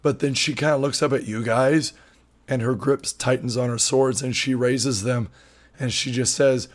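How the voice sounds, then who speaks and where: A man's voice: mid-range voice, fairly even intonation, normal speed. A man running a tabletop role-playing game as game master, describing scenes in loose, filler-heavy narration.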